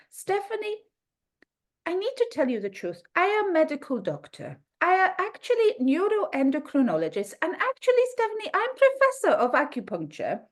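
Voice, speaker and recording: Woman doing a stiff Ukrainian lady doctor, broken formal English, raised pitch.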